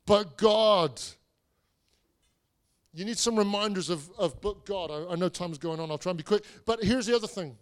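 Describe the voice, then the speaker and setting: A man in his forties delivers a sermon with a noticeably high voice. He talks in a loose, storytelling way, restarting phrases and slipping in self-deprecating asides. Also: fast, few pauses. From England. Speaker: pastor.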